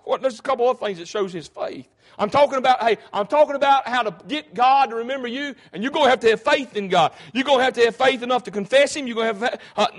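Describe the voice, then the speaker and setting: A man preaching a sermon, fervent and folksy, often breaking in with "hey". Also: extremely high pitch.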